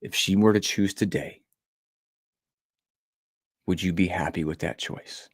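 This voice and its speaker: A middle-aged motivational speaker with a fairly low voice shares a personal story, earnest and emotional, leaning on repeated phrases. His tone stays steady and his pace measured. The audio is close and dry, with no room around it.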